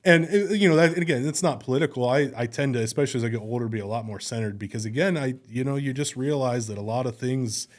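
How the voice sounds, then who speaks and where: A man's voice: medium pitch, fast, hardly any pauses. Rambling, earnest man in casual talk. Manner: rambling, restarts often, earnest. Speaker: guest. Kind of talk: casual conversation.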